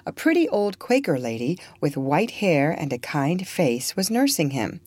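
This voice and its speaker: Woman narrator, storybook reading, low voice, lively, dry close sound. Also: a little slow, no echo.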